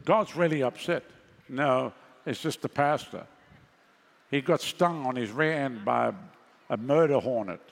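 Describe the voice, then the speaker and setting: A man's voice: mid-range voice, unhurried, creaky, pauses often, in a large hall. A male pastor preaching a sermon in a conversational way, with sarcastic asides.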